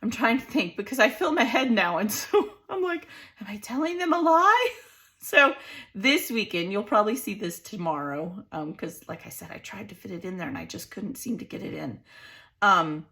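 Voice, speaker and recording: A chatty woman in her forties walks viewers through a craft project, a little hoarse. Her voice is bright and forward despite the roughness. She talks straight to the camera, easy and friendly. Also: mid-range voice, animated, normal speed. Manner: chatty, laughs often, talks to viewers as "you guys". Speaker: crafting channel host. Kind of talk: casual craft tutorial.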